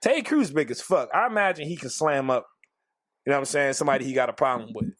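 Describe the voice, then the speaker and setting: A man co-hosting a podcast in casual chat, profane and joking, acting out scenes loudly. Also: medium pitch, animated, fast talker, no room sound, studio quality. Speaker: podcast co-host.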